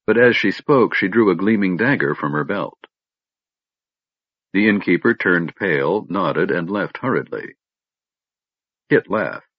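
A man narrating a fantasy audiobook in an expressive, dramatic storytelling manner. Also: low voice, a little slow, long pauses, breathy edge, dry recording. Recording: dull lo-fi recording.

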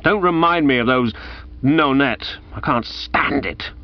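A man voicing a famished, irritable young gentleman who snaps in rasping, exasperated bursts. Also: medium pitch, measured pace, pitched above the performer's own voice, lightly acted. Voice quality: rasping bark. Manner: testy, exasperated outbursts. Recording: dull lo-fi audiobook recording.

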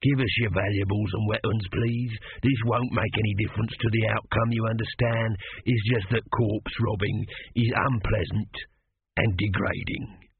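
A man voicing a menacing male thief with a slow, unhurried drawl. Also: lowish voice, fairly even intonation, creaky, husky, no echo, heavily acted. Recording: dry tinny phone-like sound.

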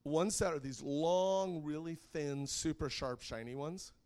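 A man in his thirties preaching, telling family stories with lots of laughter and getting loud when he acts out scenes. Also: a little high, a little slow. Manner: animated storyteller who laughs often and gets loud when acting out scenes. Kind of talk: sermon with personal stories.

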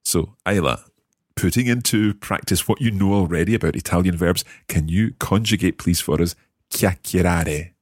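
A man's voice: sits low, moderate pace, dry recording, studio quality. A man hosting a language lesson podcast, patiently coaching a learner through verb drills. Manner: patient, encouraging, drills pronunciation. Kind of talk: teaching.

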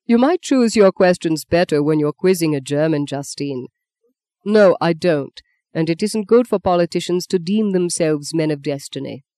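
A reader voicing Rain, a measured, wry German politician, in an audiobook. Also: expressive, no room sound, clean studio sound, lightly acted. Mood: calm. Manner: low, measured and soft-spoken. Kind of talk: audiobook character voice.

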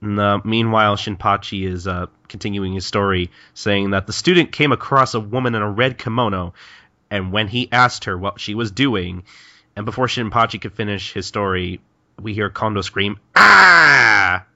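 Low, bright-toned man recapping a manga. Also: steady tone, normal speed, no echo, highs cut off. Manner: retells plot scenes, acting out quoted lines. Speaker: podcast co-host. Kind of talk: casual chapter recap chat.

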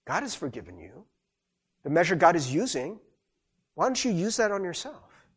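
A middle-aged male pastor gives a chatty sermon with a husky, slightly breathy voice. His pitch sits a bit high for a man and swings widely as he acts out what people say. His manner is animated and conversational. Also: moderate pace.

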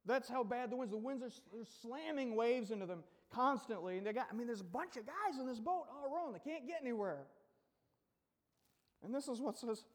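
Male pastor, very high voice, playful storytelling sermon, long hall reverb. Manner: casual, joking storyteller who acts out the scene.

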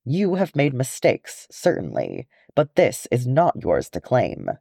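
A soothing dwarf mother who gently scolds her son for his guilt, put on by a man reading a storybook, her voice rising and falling in lively swings. The reading is close and dry, with no room around it. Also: medium pitch, unhurried, vocal fry, slightly rough, no echo, pitched above the performer's own voice, exaggerated voice. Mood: tender. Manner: soothing, earnest.

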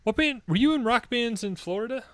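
A man's voice: very high-pitched, animated, fairly quick, dry recording. A man hosting a radio show from a studio, chatting loosely and laughing between jokes. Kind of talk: casual radio chat.

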